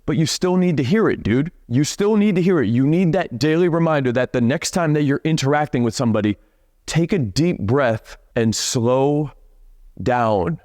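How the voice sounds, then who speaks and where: A young man coaching on dating, talking bluntly and profanely, and dragging out key words slowly for emphasis. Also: fairly high pitch, animated, a little mellow, no room sound, studio quality. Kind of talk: direct-to-camera coaching talk.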